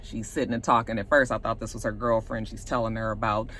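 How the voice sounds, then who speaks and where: Bright, animated woman recapping a show. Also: very deep voice, fast talker, a little hiss or hum. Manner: animated, profane, acts out scenes. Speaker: TV show reviewer. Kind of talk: casual TV episode recap.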